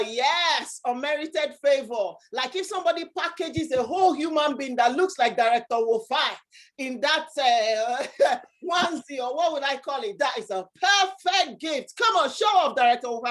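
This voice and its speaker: A woman's voice: high-pitched, fairly bright tone. A woman hosting an online workshop over a video call, bubbly, laughing often and full of exclamations. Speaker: workshop host.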